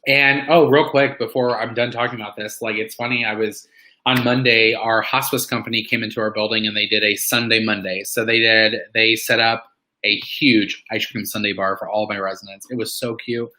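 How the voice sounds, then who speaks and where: A man's voice: on the low side, flat delivery, a little fast, sharp tone, poor audio. A man giving a casual, fired-up motivational talk to an online weight-loss group, full of "like" and "um". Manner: chatty, fired-up, preachy bursts, lots of "like" and "um". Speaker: weight-loss community member speaking on a live meeting.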